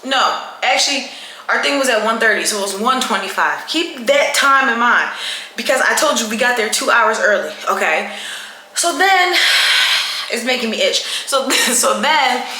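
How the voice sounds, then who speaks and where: A woman vlogger recounts her day in a lively, chatty way with a bright voice. The room is echoey and there is a faint hum behind her. She sits somewhat high in pitch. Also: normal speed. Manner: animated, chatty, with dramatic retelling. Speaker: travel vlogger. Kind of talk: casual storytelling to camera. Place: indoors at night during her night routine.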